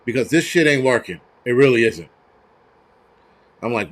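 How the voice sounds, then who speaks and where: A man's voice: medium pitch, expressive, moderate pace, pauses often, a bit bright. A man hosting a show, ranting heatedly with lots of swearing and stumbling restarts. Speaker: host. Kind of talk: profane ranting commentary.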